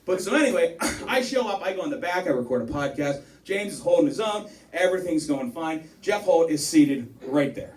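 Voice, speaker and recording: High-voiced man doing stand-up in a bar. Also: brisk, few pauses. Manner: rambling, swears a lot, builds to excited shouting. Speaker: stand-up comedian. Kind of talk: stand-up storytelling. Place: bar stage with a live audience. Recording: roomy live bar recording from a distance. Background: audience laughing.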